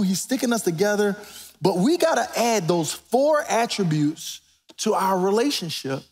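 Animated male pastor, lively high voice. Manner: animated, preacherly, rising to near-shouts. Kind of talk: sermon. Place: church. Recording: reverberant church sanctuary.

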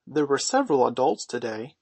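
A man's voice: mid-range voice, animated, normal speed, dry recording, close to an everyday voice. A man voicing a proud, sentimental middle-aged father who exclaims dramatically. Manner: self-satisfied, dramatic exclaiming.

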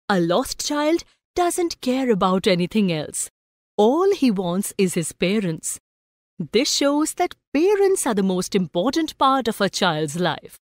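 A woman, narrating a story for students in a slow, expressive way and asking the class questions. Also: fairly high pitch, no room sound, studio quality.

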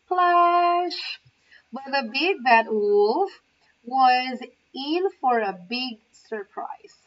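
A woman reads a children's story aloud very slowly and carefully, pausing for little asides. Her voice is fairly high, and the recording is muffled and dull, with her sitting a bit away from the mic. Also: animated, distant mic, a little hiss or hum. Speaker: English teacher trainee.

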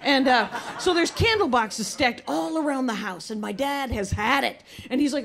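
A middle-aged American woman performing a stand-up routine, telling stories in a dry way and quoting others quickly. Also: sits high, lively intonation, gravelly, fairly bright tone. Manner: dry storytelling, quick quoted asides. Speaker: stand-up comedian. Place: live comedy show with audience. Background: audience laughter.

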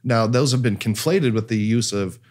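A man's voice: medium pitch, normal speed, darkish tone. A man co-hosting a casual panel discussion, explaining scripture at length with many "you know"s. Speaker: podcast co-host.

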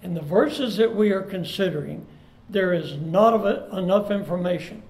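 A man preaching a sermon as pastor, earnest, slowing down to stress key words. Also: sits high, gravelly, a little mellow. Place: church sanctuary. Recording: echoey church room.

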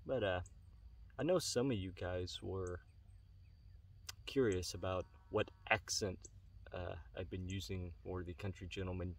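A man hosting his own pipe-smoking channel, talking earnestly and haltingly to his viewers in a casual vlog. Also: low-pitched, fairly even intonation. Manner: earnest, halting, many pauses. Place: outdoors on a rural property. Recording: distant mic, faint outdoor noise.

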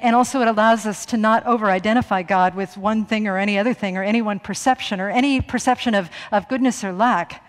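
A woman's voice: mid-range voice, big-room sound. A middle-aged woman minister giving a chatty, self-mocking sermon, laughing often. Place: church sanctuary.

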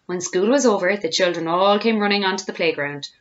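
A woman, a teacher, reading a children's storybook aloud with expressive storytelling. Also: mid-range voice, fairly quick, lo-fi sound.

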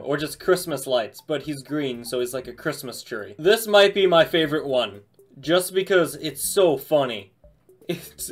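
Male toy reviewer with a slightly raised pitch; excited, casual, slangy delivery; faint music underneath.

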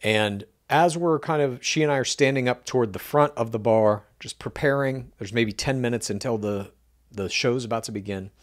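A man co-hosting a casual podcast, telling an anecdote with animated delivery and acting out the dialogue he quotes. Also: medium pitch, normal speed. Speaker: podcast co-host. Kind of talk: casual podcast chat, storytelling.

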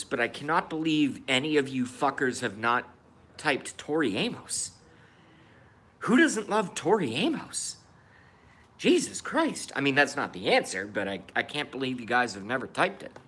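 A man hosting a casual livestream, reacting bluntly to viewers' chat and swearing freely, swinging between loud outbursts and quiet muttering. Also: medium pitch, expressive, normal speed. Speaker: livestream host.

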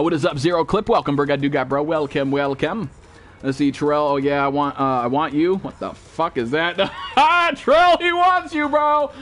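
A young man streaming a game live, greeting viewers and joking in loose, profane, rambling talk. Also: a little high. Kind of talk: live gameplay stream chat.

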